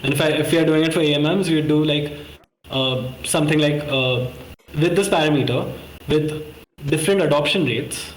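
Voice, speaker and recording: A man's voice: a little high, a little fast, roomy sound, slight background noise, poor audio. A man walking through a model on a video call, rambling and correcting himself with many fillers. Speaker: course participant presenting a model. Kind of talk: casual screen-share walkthrough.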